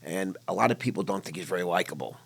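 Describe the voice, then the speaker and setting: A man's voice: sits low, lively intonation, quick pace, vocal fry, slightly rough. An older man hosting a casual interview, talking bluntly and candidly about his own past. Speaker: podcast host.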